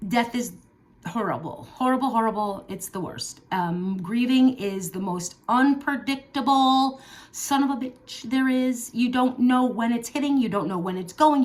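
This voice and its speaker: Earnest heartfelt woman vlogger. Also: a little high. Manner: earnest, heartfelt, emphatic, with fillers. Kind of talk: personal talk to camera.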